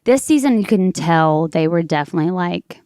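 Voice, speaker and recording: A woman's voice: fairly low pitch, animated, mellow, clear, resonant tone, dry recording, clean studio sound. Gushing woman podcast co-host. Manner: enthusiastic, gushing, quick asides. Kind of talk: casual chat.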